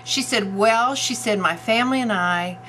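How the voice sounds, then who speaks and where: A woman telling a classroom joke in a plain, brisk way. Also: fairly high pitch, fairly bright tone, slight background noise, poor audio.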